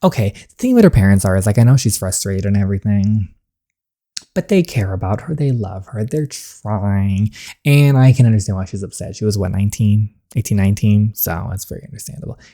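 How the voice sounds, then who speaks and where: A woman's voice: very deep voice, expressive, a little fast, warm tone. A woman hosting a casual let's-play, chatting and reacting to a story game as she plays. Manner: chatty, talks to herself about the story. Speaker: gaming channel host.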